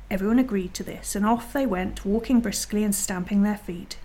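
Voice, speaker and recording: Quiet woman reading a bedtime story. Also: mid-range voice, fairly quick, hardly any pauses.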